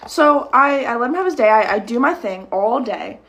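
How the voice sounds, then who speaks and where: A woman's voice: fairly high pitch, expressive, normal speed, fairly bright tone, a little hiss or hum. Heated, rambling young woman storyteller. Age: young adult. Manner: rambling, heated, swears, many "like" fillers. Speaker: storytime creator. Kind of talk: casual storytime monologue. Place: at home at a mirror.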